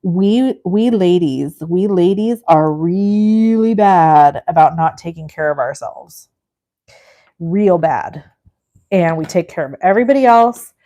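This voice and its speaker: A woman's voice: on the low side, lively intonation, takes it slowly, mellow. Gushing, chatty middle-aged woman host. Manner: gushing, effusive and chatty, talking to the chat. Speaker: crafting livestream host. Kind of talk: live crafting demo chatting with viewers.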